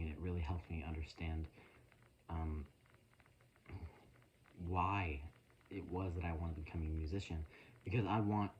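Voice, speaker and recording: A young man vlogging into his phone, telling a story in an earnest, halting, emotional way with a casual rambling style. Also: low voice, darkish tone, slight background noise, rough recording.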